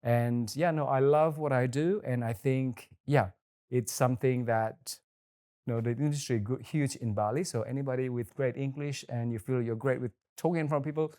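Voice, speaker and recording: A man's voice: mid-range voice, fairly even intonation, moderate pace, dark tone. A man from Indonesia, a wedding celebrant, chatting casually on a podcast and rambling through his story with lots of "you know" and restarts.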